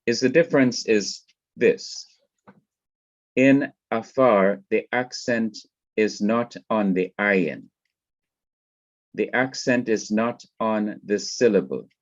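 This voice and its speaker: A man's voice: lowish voice, no room sound. A man from Jamaica teaching a Hebrew grammar lesson, explaining methodically and often repeating words as he goes. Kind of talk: classroom lecture. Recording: dull, lo-fi dry recording.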